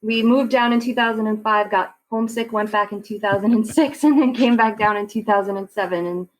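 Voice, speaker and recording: Guesting on a podcast, a real estate agent in her forties from Long Island, New York chats casually with frequent laughter. She speaks briskly in a mid-range voice; the poor audio carries some hiss or hum.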